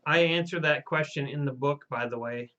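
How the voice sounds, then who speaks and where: A man hosting a live stream with casual, deadpan banter. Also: a little high, normal speed, muffled recording, noisy background. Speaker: host.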